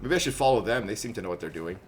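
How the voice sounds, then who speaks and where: A man streaming a horror game live, chatting with viewers and teammates, quick to laugh and yelp in surprise. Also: on the low side, lively intonation, slight background noise. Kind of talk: live gameplay commentary.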